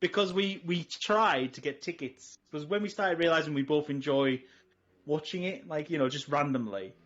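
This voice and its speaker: A middle-aged Englishman co-hosting a casual podcast, his voice sitting a little high for a man. He rambles through animated stories, restarting his sentences as he goes. The recording is dull and lo-fi. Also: normal speed. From England. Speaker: podcast co-host. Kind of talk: casual chat. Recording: dull lo-fi audio.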